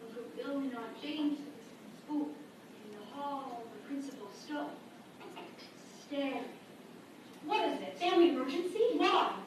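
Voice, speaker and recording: A woman performing a scared youngest child who haltingly tells of a family emergency, in a competitive speech performance. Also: sits high, animated. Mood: fearful. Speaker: forensics performer. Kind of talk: group interpretation performance. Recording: echoey video playback from far off with noise.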